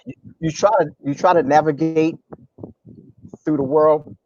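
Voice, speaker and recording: A man's voice: a little high, steady tone, unhurried, a little mellow, highs cut off, slight background noise. A man, a comedian, chatting casually in an interview, rambling through jokes and stories. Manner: jokey, rambling storyteller.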